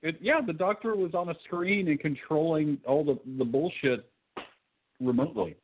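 A man co-hosting a podcast, tossing out dry, deadpan crude wisecracks. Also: on the high side, normal speed, slight background noise. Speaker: podcast co-host. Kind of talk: crude casual banter. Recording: tinny phone-like sound.

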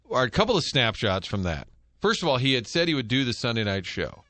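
A middle-aged man hosts sports talk radio, spinning animated stories and quick jokes at a relaxed, conversational clip. His voice sits at an ordinary pitch and comes across close and dry, with no room sound around it. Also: no echo. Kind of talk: casual sports talk banter. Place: radio studio. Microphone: studio microphone.

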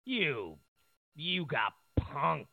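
A male talk show host rambles sarcastically through his commentary, full of fillers and restarts. His voice is gravelly and slow-paced with a lively pitch. It sounds tinny and phone-like. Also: dry recording.

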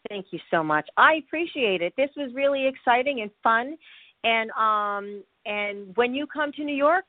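A woman life coach appearing as a guest, speaking calmly with some hesitant fillers. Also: fairly high pitch, normal speed, dry recording. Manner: calm, hesitant with fillers while listing links. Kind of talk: casual interview chat. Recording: thin phone-like line.

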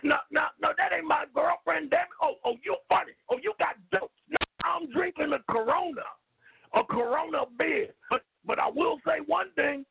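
A man voicing a brash, loud, hot-tempered older man who curses, shouts and rambles with stammering restarts, as a comedic call-in character. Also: very high-pitched, normal speed, no room sound. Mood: blustering. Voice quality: gravelly. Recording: tinny phone-like line.

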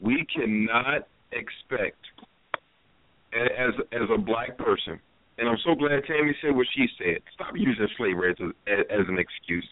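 A man's voice: medium pitch, normal speed, no room sound. A man co-hosting a talk radio show who jumps in to make firm, emphatic points. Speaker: co-host. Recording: tinny phone line.

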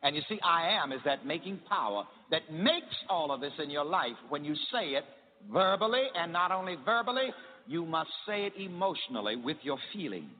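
A man's voice: on the high side, sing-song, moderate pace. A man preaching a sermon with emphasis, leading his congregation to repeat phrases after him. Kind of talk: sermon with call-and-response. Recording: tinny echoey hall recording with faint hiss.

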